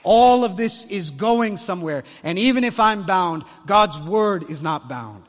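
A man preaching a conference sermon, impassioned, swinging between hushed lines and loud ones. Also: sits high, expressive, a little slow. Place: large conference hall. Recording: long hall reverb.

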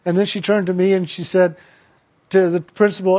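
A man giving a reflective spiritual talk and telling a personal story, speaking slowly and deliberately with pauses. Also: high voice, flat delivery, a little mellow. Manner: slow, measured, deliberate pauses.

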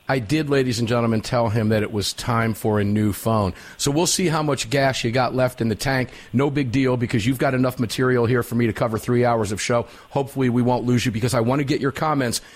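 A man's voice: mid-range voice, steady tone, a little fast, few pauses. A man hosting a talk radio show, reading sponsor spots and questioning a guest in an upbeat, chatty, folksy way.

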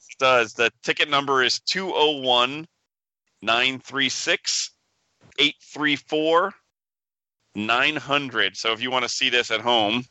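Man, podcast co-host, very bright voice, dry close sound, joking casual chat. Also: medium pitch, slow pace, clear, resonant tone, dry recording, low-quality recording. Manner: joking, reads listener emails aloud.

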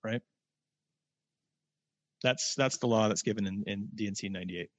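A man teaching a casual scripture lesson, reading verses slowly and adding plain-spoken asides. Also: lowish voice. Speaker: religious teacher. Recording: dull lo-fi, dry sound.

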